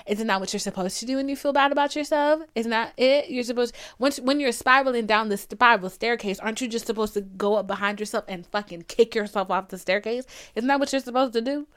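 A woman's voice: a little high, fairly quick, hardly any pauses, clean tone. Profane young woman ranting animatedly. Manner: profane, dramatic, quotes others in animated put-on voices. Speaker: podcast host. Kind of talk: casual storytelling rant.

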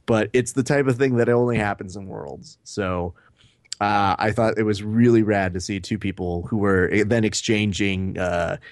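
A man co-hosting a podcast, telling animated stories and swearing casually. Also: on the low side, moderate pace, dry recording, studio quality. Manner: animated storyteller, acts out quotes, swears. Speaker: podcast co-host.

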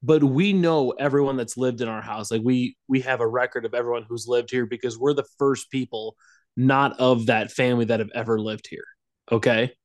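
A young man co-hosts a casual podcast and tells a story in loose, rambling bursts, breaking into laughter now and then. His voice sits in an ordinary middle pitch. The sound is dry and close. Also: steady tone, moderate pace, no echo. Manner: rambling, laughing storyteller who acts out quotes. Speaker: podcast co-host.

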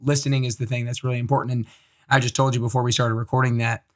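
A man's voice: medium pitch, level tone, racing. A man hosting a podcast, upbeat and enthusiastic as he introduces and interviews his guest. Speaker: podcast host.

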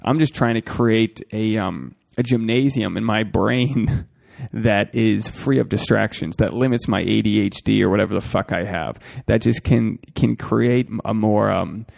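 A man's voice: fairly low pitch, measured pace, vocal fry, a little mellow. A man hosting a solo podcast, rambling and swearing freely as he talks straight to his listeners. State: a bit out of breath. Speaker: podcast host.

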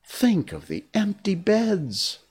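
A man voicing a motherly young girl telling a bedtime story to a group of boys, with a gentle, patient tone. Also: a little high, huge pitch swings, takes it slowly, pitched above the performer's own voice, exaggerated voice. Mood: storytelling.

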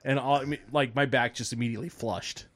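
Animated storytelling man on a podcast. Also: mid-range voice, fast talker. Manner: animated, swearing, laughing while telling stories, acting out quoted people. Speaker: podcast host. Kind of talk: casual storytelling.

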